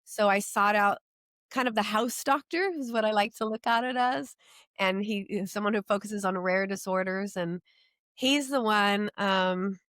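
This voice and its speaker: A middle-aged woman telling her personal story as an interview guest, earnest and emotional, halting at times with restarts. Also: mid-range voice, a bit bright, no echo, clean studio sound.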